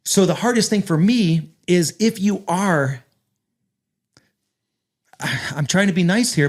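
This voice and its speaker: A man's voice: on the high side, a little mellow. A man hosting a casual roundtable conversation, speaking earnestly and often repeating words as he builds up to a point.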